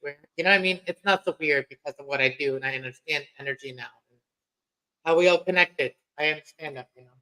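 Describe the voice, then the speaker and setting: Bright, clear-voiced chatty man. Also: fairly high pitch, quick pace, poor audio. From Mexico. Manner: chatty, laughs easily, drifts between topics. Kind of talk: casual late-night stream chat.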